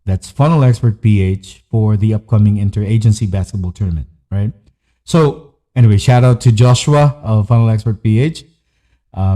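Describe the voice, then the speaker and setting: A man's voice: on the low side, dark tone. A man hosting a podcast, telling a personal story in an earnest, candid way, with short listed phrases. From Philippines. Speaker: podcast host.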